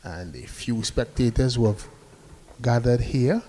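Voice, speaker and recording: Mellow-voiced male cricket commentator. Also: mid-range voice, measured pace, slight background noise. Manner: chatty, sends greetings to listeners between balls.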